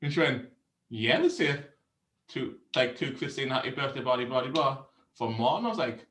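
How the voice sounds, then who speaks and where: Medium pitch and moderate pace, captured in a rough recording with a roomy sound. This beer review show co-host tells a lively story in a casual way, cursing freely and laughing often.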